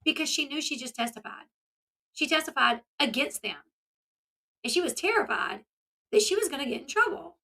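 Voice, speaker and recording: A woman hosts her own commentary channel, talking in a casual, chatty way. Her voice sits high and sounds bright and forward. She retells events with animation, slipping into the voices of the people she quotes. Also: sing-song, moderate pace, creaky, long pauses.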